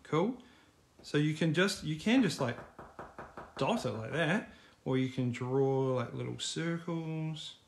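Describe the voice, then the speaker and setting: A man's voice: on the high side, expressive, slow, gravelly, a little hiss or hum. A middle-aged man teaching a live online drawing class in a casual, encouraging, chatty way. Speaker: art teacher.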